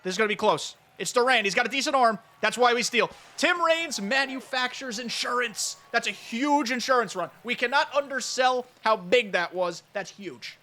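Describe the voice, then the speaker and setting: A man giving excitable, chatty live commentary on his own baseball video game play, talking straight to his viewers. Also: very high-pitched, normal speed, hardly any pauses. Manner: excitable, chatty, talks to chat. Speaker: gaming YouTuber.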